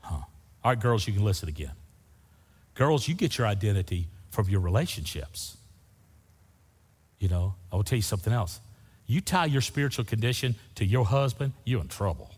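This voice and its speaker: A man's voice: lowish voice, expressive, normal speed, long pauses, a little mellow, husky. Folksy preaching man in a reverberant hall. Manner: folksy, humorous preaching with Southern "y'all". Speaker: pastor. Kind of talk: sermon.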